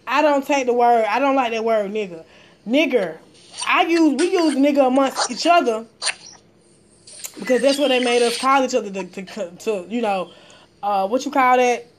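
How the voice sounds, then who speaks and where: A passionate woman speaks bluntly in a slightly high voice. She often repeats words when she is worked up. Faint noise sits under her voice. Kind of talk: casual chat.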